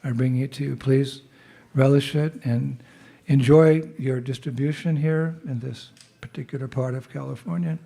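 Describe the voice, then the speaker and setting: Here a visiting monk with a cold addresses a temple gathering informally, his medium-pitched voice warm and creaky, with fairly even intonation and a moderate pace. He clears his throat now and then while spinning a chatty, laughing story and leading the crowd in call-and-response jai cheers.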